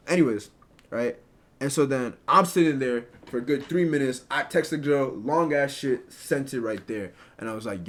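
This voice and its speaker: A man's voice: medium pitch, expressive, moderate pace, a bit bright. A young man casually telling a personal story to a live chat, rambling and filling with "right?" and "like". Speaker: storyteller streamer.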